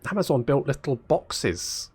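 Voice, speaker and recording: A man's voice: mid-range voice, very animated, unhurried, darkish tone, slightly rough. A man giving casual, sarcastic let's-play commentary, thinking aloud and swearing freely. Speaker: gaming channel host.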